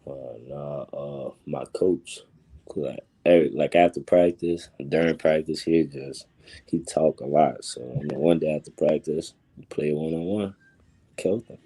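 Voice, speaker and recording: Teen male interviewee, New Orleans accent, very low husky voice, laid-back short answers. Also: unhurried, warm tone. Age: teens. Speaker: basketball recruit.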